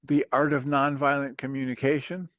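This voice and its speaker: A man's voice: mid-range voice, normal speed, no room sound, muffled recording. Patient male talk show host, dry sound. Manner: earnest, patient, steady counseling. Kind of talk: calm advice on a call-in show.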